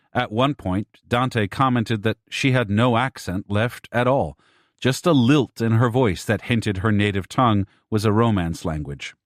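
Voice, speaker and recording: Low-voiced male audiobook narrator, dry. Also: dry recording. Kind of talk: scripted narration.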